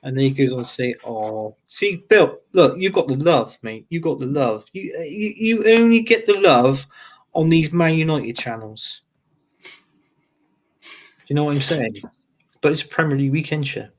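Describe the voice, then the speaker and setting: A man's voice: on the high side, animated, moderate pace. A man hosting a football live stream, reading out viewer comments in a chatty way with frequent laughs. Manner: chatty, laughs often, repeats phrases. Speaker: host of football show.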